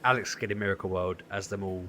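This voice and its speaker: Animated man telling a story. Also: sits low, fast, a little hiss or hum. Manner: animated storytelling, acts out quotes. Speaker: podcast co-host. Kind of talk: casual chat storytelling.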